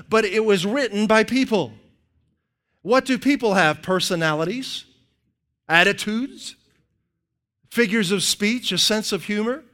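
Speaking in a high register, this middle-aged man preaches as a pastor, keeping things chatty and lively and posing rhetorical questions to his listeners.

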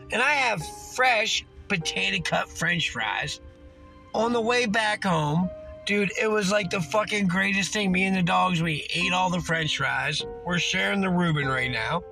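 A tipsy man with a Missouri accent hosting a casual podcast, telling a rambling, profane story that keeps getting more excited. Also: sits high, a little slow, vocal fry, faint music behind, low-quality recording. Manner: profane, excitable, slurring a little. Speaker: podcast host.

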